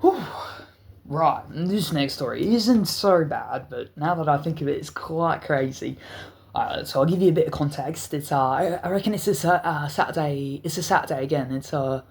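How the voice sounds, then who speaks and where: A man's voice: fairly high pitch, normal speed, vocal fry. A man telling a wild story in a storytime vlog, stuttering often and cursing freely. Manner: stuttering, profane, animated storytelling. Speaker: channel host.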